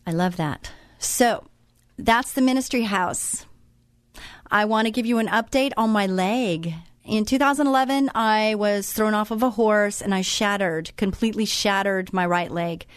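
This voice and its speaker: A woman's voice: medium pitch, a little slow, clear, resonant tone, dry recording, clean studio sound. A middle-aged woman who hosts a faith-based radio show, telling a story in a chatty, enthusiastic way with frequent restarts.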